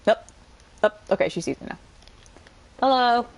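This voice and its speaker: A woman's voice: fairly high pitch, moderate pace, gravelly, rough recording. A woman casually commenting on her gameplay, chatty and jokey, with the occasional curse. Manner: chatty, joking, swears. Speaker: gamer.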